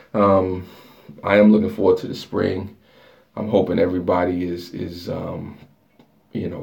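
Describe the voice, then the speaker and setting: Deep gravelly man chatting on a live stream. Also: dark tone. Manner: loose, rambling and joking, reading chat aloud. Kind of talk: casual live stream chat with viewers. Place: dark bathroom lit by a flashlight.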